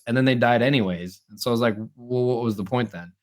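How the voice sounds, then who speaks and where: A man's voice: mid-range voice, brisk, hardly any pauses. A young man co-hosting a podcast in casual chat, a rambling storyteller talking through a stuffed-up nose. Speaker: podcast co-host.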